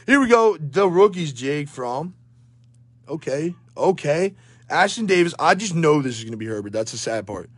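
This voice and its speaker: During live pack-opening commentary, a young card breaker gets hyped, swears, lists player names, and sounds winded. His slightly rough voice is a little high with big pitch swings, at a normal speed, and there's no room sound.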